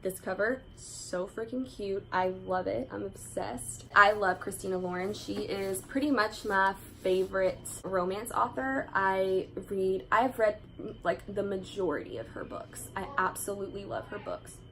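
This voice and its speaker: A woman's voice: medium pitch, a little slow, fairly bright tone, slight background noise, rough recording. A woman chatting eagerly as a book vlogger, full of "like" fillers. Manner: chatty and enthusiastic, many "like" fillers. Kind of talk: casual book haul chat.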